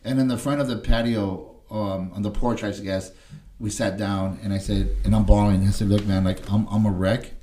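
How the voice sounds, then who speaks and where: Emotional low-voiced man telling his story. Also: fairly even intonation, normal speed, mellow. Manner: emotional, tag questions "right?" between phrases; restarts and repeats words. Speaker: podcast guest. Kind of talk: candid recovery storytelling.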